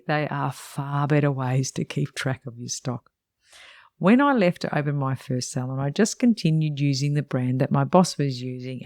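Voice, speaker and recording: A woman's voice: rumbling low, darkish tone, no echo, studio quality. A middle-aged woman who mentors salon owners and hosts a podcast, reading her own book aloud in a frank, chatty way with wry asides.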